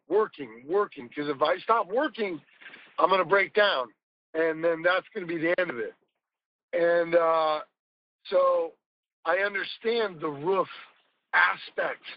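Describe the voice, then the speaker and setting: Appearing as a podcast guest, a man tells rambling, emphatic stories in casual conversation and swears now and then. His voice is fairly high, with the highs cut off.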